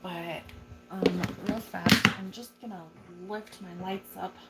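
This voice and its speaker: A woman's voice: mid-range voice, steady tone, takes it slowly, heavy background noise. A young woman casually chatting on a livestream while tending her tarantulas, swearing freely and cooing at her spider. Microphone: phone.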